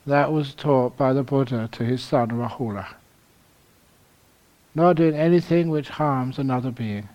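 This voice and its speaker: Slow, gently joking London man. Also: mid-range voice. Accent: London English. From London, England. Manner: humorous storytelling, chuckles at his own jokes. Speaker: meditation teacher. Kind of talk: retreat dharma talk.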